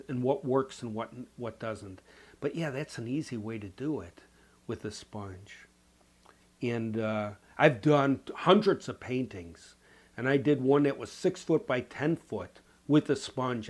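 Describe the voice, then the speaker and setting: A man with a Chicago accent, from the Chicago area, USA, answers viewer comments as a painting instructor despite having a cold. His medium-pitched voice has a darkish tone, and his chat is casual, folksy, and rambling, full of "you know".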